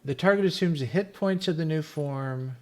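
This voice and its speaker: A man's voice: a little high, normal speed, a little mellow. A man playing in an online tabletop game, checking the rules and explaining his character's actions with some hesitation. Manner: hesitant, reading rules aloud. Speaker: player. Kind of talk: casual chat at a tabletop game.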